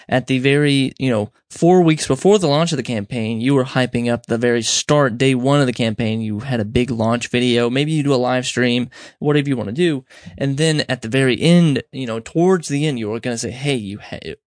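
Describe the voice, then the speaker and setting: A man's voice: medium pitch, no echo. Rambling casual man, dry close sound. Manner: rambling, self-correcting, acts out quoted exchanges. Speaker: podcast host. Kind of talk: casual solo advice talk.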